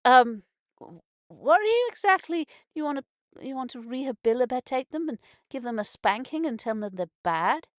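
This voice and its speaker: A woman's voice: high-pitched, animated, moderate pace, no room sound, clean studio sound. A woman hosting a casual morning radio show from a narrowboat, rambling with many restarts and swearing when upset. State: emotions heightened after a stroke. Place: narrowboat on a canal.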